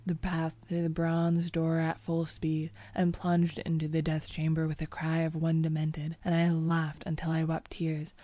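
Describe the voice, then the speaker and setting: A woman narrating an audiobook in the first person, her reading measured and even. Her voice sits low and mellow with very little rise and fall. The recording is dry and close. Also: dry recording.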